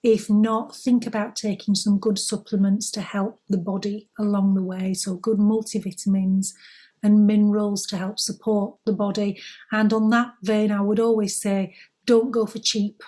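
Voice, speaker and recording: Gentle, husky-voiced woman. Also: medium pitch, level tone, normal speed. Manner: gentle, reassuring, encouraging. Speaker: spiritual co-host. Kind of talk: calm advice talk.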